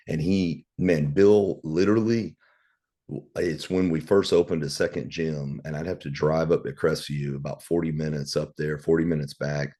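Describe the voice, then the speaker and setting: A man's voice: extremely low pitch, steady tone, measured pace, a little mellow. A man, casually teaching a Bible study and telling rambling, candid stories with some swearing. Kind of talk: casual preaching and storytelling.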